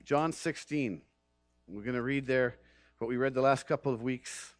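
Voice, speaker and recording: A man's voice: medium pitch, level tone, brisk, dry recording, faint music behind. A man, a pastor, preaching an earnest sermon that builds to emphatic passages.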